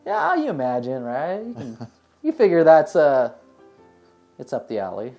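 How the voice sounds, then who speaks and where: Relaxed rambling man telling work stories. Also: medium pitch, a little slow, highs cut off, faint music behind. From United States. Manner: relaxed, rambling, many "you know" fillers. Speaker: dentist. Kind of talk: casual interview answers, storytelling.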